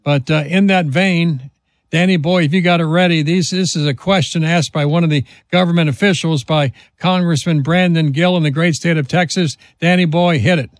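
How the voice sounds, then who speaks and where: A man's voice: fairly high pitch, steady tone, moderate pace, dry recording. Indignant talk radio host man. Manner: indignant, emphatic, mocking.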